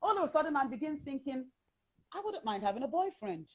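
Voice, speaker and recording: A woman with a British accent shares her life story as an interview guest. Her voice sits high and swoops up and down with energy. She talks in a chatty, animated way, full of fillers and restarts. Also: quick pace, muffled recording.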